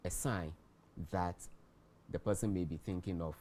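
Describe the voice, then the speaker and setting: Measured Ghanaian-accented man explaining. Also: deep voice, steady tone, warm tone. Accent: Ghanaian English. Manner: measured, repeats key words for emphasis. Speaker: guest expert on mental health. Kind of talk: explanatory studio talk.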